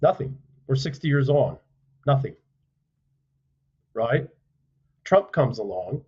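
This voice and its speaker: A man speaking as a podcast guest, telling stories bluntly and forcefully, with profanity and rhetorical questions. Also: mid-range voice, sing-song, slow, husky, highs cut off. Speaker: podcast guest, author and former soldier. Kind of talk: forceful conversational storytelling.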